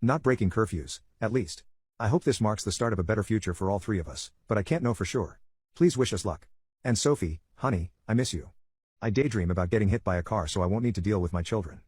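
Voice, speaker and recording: A man reading online stories aloud in a rapid, steady read-aloud delivery. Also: fairly low pitch, breathy edge, no room sound, clean studio sound. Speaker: story narrator.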